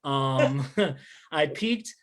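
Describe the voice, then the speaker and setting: A man's voice: medium pitch, lively intonation, extremely slow, slight background noise. A man in his thirties from Chicago doing a rambling, self-deprecating stand-up comedy set. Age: 30s.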